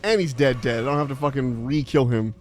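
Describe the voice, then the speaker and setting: A man's voice: mid-range voice, brisk, a little hiss or hum. An American man chatting casually while he streams a game live, rambling with lots of fillers and laughing easily. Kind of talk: live gameplay commentary and chat.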